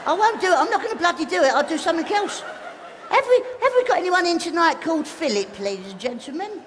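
A man's voice: very high-pitched, very animated, fast talker. A man doing live stand-up prop comedy, giggling often and teasing the audience from a theatre stage. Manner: giggly, breaks into laughter, teases the audience. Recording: live show with loud audience laughter and noise.

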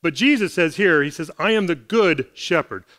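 A man's voice: on the high side, lively intonation, normal speed, a bit bright. A man preaching a Sunday sermon in church, talking earnestly and conversationally as he reads and explains scripture. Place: church service.

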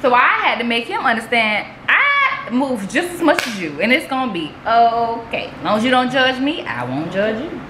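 A woman's voice: a little high, normal speed, hardly any pauses, background noise. A woman vlogging in casual chat, telling stories. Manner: animated storytelling with laughs and squeals.

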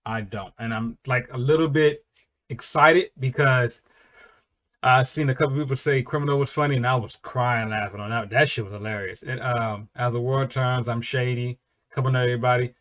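Guy doing a music reaction vid, cusses a lot, gets loud and squeaky when he cracks up, normal mid voice. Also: normal speed. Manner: swears a lot, bursts into loud high laughing excitement. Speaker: reaction channel host.

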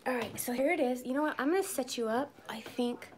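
A middle-aged woman chatting excitedly and frankly on a live phone stream from her home shed. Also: sits high, quick pace. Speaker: purse vlogger. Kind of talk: casual live-stream chat. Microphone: phone camera.

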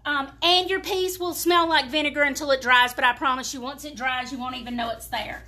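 Her voice is high and a touch fast, with a sharp tone and fairly even intonation. This Southern woman from the American South leads a chatty, folksy live demonstration of painting furniture, addressing viewers straight on.

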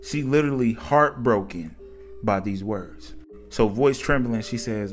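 A man narrating a casual story in a conversational, slangy, animated way. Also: mid-range voice, a little slow, faint music behind.

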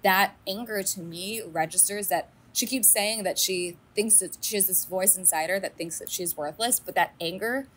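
A woman co-hosting a casual recap podcast, talking in an animated way with many fillers and acting out quotes. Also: mid-range voice, normal speed, hardly any pauses, husky. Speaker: podcast co-host.

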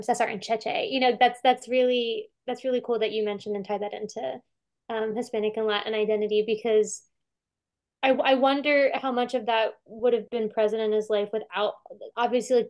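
A woman's voice: on the high side, a little mellow. A woman curator chatting casually about a film over a video call, talking with many fillers and restarts and acting out quotes.

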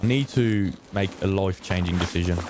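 A man streaming a shooter game, muttering to himself and swearing, with sudden high excited yelps. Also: fairly quick, background noise. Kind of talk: casual gameplay commentary.

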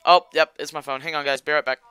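A young man chats loosely over his gameplay, rambling and cracking jokes at his viewers. His voice is bright, crisp and very clear, set a touch high for a man. It sits close and dry on the mic, with no room sound. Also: steady tone, quick pace, no room sound. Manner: rambling, jokey, talks to viewers. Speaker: gaming YouTuber. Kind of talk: casual gameplay commentary.

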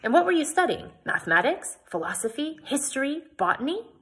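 A woman reading as an eager gentleman scholar. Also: sits high, big pitch swings, brisk, voice pushed up. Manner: eager, jolly, exclaiming. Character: enthusiastic bearded male gentleman scholar.

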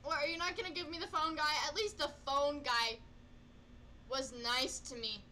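Panicky high-voiced woman gamer. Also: fairly even intonation, moderate pace, sharp tone, a little hiss or hum. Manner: panicky, yelps and repeats no over and over; self-mocking, talks to the game's characters. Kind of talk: live reactions while playing a horror game.

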